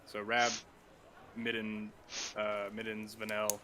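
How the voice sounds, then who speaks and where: A man's voice: on the low side, completely flat delivery, slow, sharp tone, slight background noise. A man playing a tabletop game, chatting in a scattered, self-mocking way. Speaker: player. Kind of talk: casual tabletop game chat.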